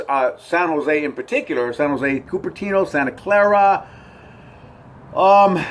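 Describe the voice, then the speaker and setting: Rambling middle-aged man, slightly high voice. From United States. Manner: rambling, upbeat, frequent fillers and restarts. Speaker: vlogger. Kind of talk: casual rambling vlog to camera. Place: on his front porch at home, outdoors.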